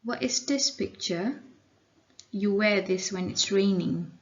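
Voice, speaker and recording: A woman's voice: mid-range voice, takes it slowly, lo-fi sound. A woman teacher with a Malaysian accent giving a recorded English lesson to children, explaining patiently and mixing in Malay words. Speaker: primary school English teacher.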